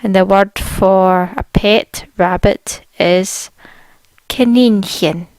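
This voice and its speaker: A woman leads a vocabulary lesson at a slow, deliberate pace and repeats each new word carefully for her learners. Her voice sits at an everyday middle pitch, and the recording is dry and close. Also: a little mellow, dry recording. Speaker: language teacher. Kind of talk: slow spoken language lesson.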